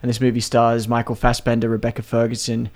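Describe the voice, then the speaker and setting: A man co-hosting a relaxed podcast chat, running through new film releases in a playful, storytelling way. His voice sits at an ordinary middle pitch. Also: quick pace.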